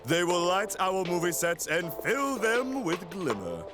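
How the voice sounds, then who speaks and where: Theatrical penguin director, video game, slow drawl, lively pitch, loud music behind. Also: male voice. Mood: proud. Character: flamboyant male penguin movie director.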